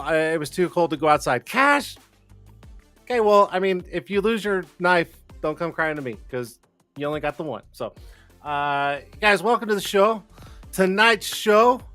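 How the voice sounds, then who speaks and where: A man hosting a casual live-stream talk show, rambling and excitable, swearing freely. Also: fairly high pitch, no echo. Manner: rambling, profane and excitable, with frequent restarts and laughs. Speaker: livestream talk show host.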